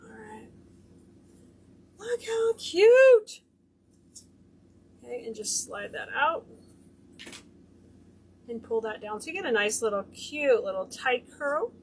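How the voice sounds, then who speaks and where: A woman's voice: on the high side, expressive, normal speed, pauses often, fairly bright tone, a little hiss or hum. A woman hosting a hands-on wreath-making tutorial, chatting and gushing over her work as she goes. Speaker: craft tutorial host. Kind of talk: hands-on craft demonstration.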